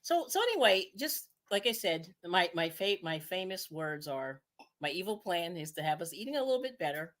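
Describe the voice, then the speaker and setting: A woman's voice: lowish voice, big pitch swings, normal speed. A woman hosting a casual live cooking stream, chatting as she works, laughing often and restarting her sentences. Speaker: cooking show host.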